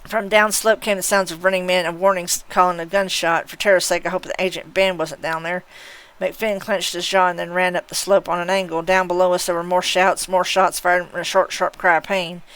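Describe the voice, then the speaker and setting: Woman, live novel read-aloud, unhurried, occasional slips and restarts, middle pitch. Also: level tone, a bit bright, clear, resonant tone, rough recording. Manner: unhurried reading with occasional slips and self-corrections. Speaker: streamer reading a novel.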